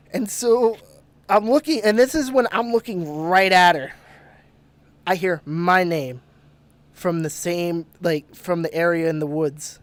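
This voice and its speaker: Through a dry recording, a male podcast host with a high-sitting voice tells a ghost story at an unhurried pace. The chat is casual, with lots of swearing, rambling, laughter and restarted sentences.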